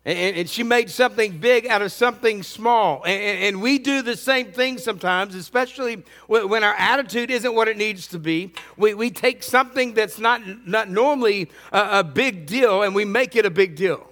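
A man's voice: sits high, moderate pace, hardly any pauses, a bit bright, long reverb tail. A middle-aged man preaching a sermon as pastor, earnest and often repeating words.

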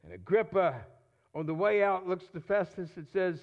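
Man, high voice, sermon, conversational preaching, repeats words, dull lo-fi sound. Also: animated, normal speed. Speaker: pastor.

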